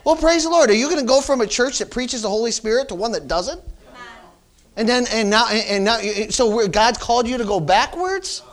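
A man's voice: very high-pitched, lively intonation, brisk. A man, a pastor, preaching a sermon and calling out to his congregation with frequent amens and rising emphasis.

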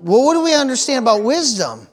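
Preaching to his congregation in a notably high, sing-song voice, a pastor moves at a quick pace. He uses call-and-response, throwing in amens and praise-the-Lords and driving points home by repeating phrases.

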